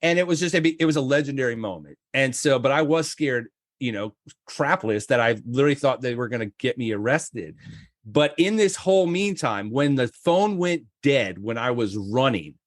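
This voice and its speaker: A middle-aged man from Florida tells a story as a podcast guest. He slips into acted-out voices for the people in it, jumping up high for the excited ones. His voice sits at an ordinary pitch, recorded dry and close. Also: moderate pace, no echo. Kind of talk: animated storytelling.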